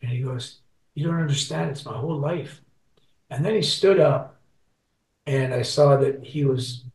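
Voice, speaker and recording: A man's voice: mid-range voice, a little mellow. An older man in his sixties tells a long story as an interview guest, stumbling and restarting often. He sits away from the mic, so his voice comes through distant and roomy. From Scotland, raised in Canada. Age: 60s. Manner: rambling, many restarts and repeats. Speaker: guest musician.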